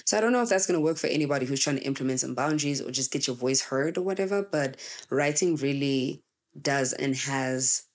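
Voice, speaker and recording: Low-voiced young woman, candid chat. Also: a little fast. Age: 20s. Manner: candid and emphatic, acts out quoted people. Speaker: content creator. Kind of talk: casual chat to camera.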